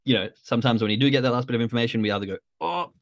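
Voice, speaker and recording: A man's voice: mid-range voice, fairly even intonation, rapid-fire, no room sound, lo-fi sound. A man hosting a casual motivational call, talking to a live chat in a loose, conversational way full of fillers. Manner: conversational, uses many fillers, acts out quoted thoughts. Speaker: podcast host.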